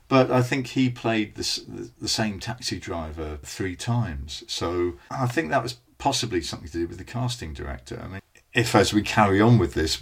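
Very deep, husky-voiced man chatting. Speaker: podcast co-host. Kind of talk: casual chat about old television.

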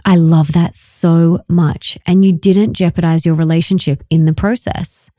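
A mellow, low-voiced woman podcast host. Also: steady tone, a little slow, no echo, studio quality. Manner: enthusiastic, affirming. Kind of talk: podcast interview.

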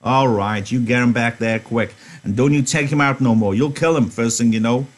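A man's voice: medium pitch, fairly even intonation, moderate pace, lightly acted. Man voicing a stern protective ranch hand. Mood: scolding. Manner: firm, scolding.

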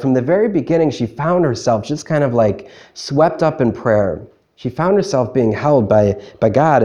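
A man delivers a Christmas Eve homily as a priest, his voice mellow and warm at a middling pitch. He preaches conversationally, putting questions to the congregation and sometimes restarting a phrase.

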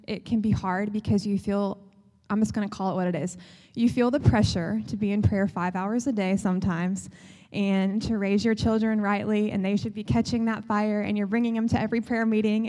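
A woman's voice: medium pitch, big-room sound. Candid woman leading a church panel. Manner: relaxed and candid, reads out submitted questions. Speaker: co-host leading questions.

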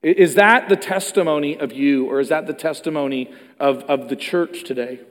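In a large church hall, where his words echo with a long reverb, a pastor preaches a sermon. His voice is a little higher than most men's, his speed is normal, and his lively delivery alternates between loud emphasis and hushed quiet.

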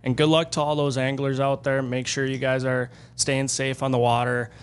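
Man, guest angler, excitable storyteller, casual interview, middle pitch. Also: moderate pace, clean tone. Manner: excitable, animated fishing storyteller.

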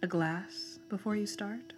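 A woman's voice: mid-range voice, measured pace, over music, lightly acted. A woman reading a bitter, eloquent old scholar. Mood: courteous. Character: embittered old male scholar, eloquent recluse.

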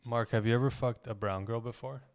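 A man in loose, profane chat, rambling from one joke to the next and laughing often. His voice is smooth and resonant at a middle pitch. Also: steady tone, a little fast. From Canada. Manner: crude, rambling, laughs a lot. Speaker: stand-up comedian, podcast guest. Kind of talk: casual chat.

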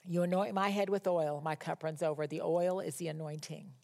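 A woman's voice: low voice, fairly even intonation, brisk, creaky, a little mellow. A woman giving a conversational sermon as a Bible teacher, emphatic and repeating key words for stress.

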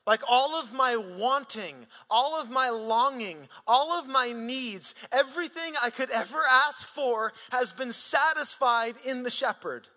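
A male pastor preaching a sermon in an animated, conversational way, swinging from sudden rises to quiet drops. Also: very high voice, unhurried, hardly any pauses, big-room sound.

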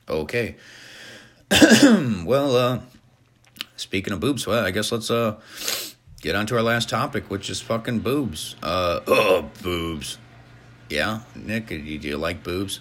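A man's voice: low-pitched, lively intonation, slow pace. A man hosting a crude comedy podcast, offhand and full of swearing and fillers. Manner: profane, offhand, hesitant fillers. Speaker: podcast host.

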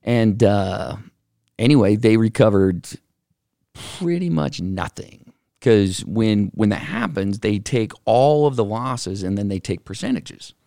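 Gravelly middle-aged man telling a story. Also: lowish voice, a little slow, dry recording, clean studio sound. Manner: animated, acts out quoted voices, many fillers. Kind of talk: casual storytelling. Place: office.

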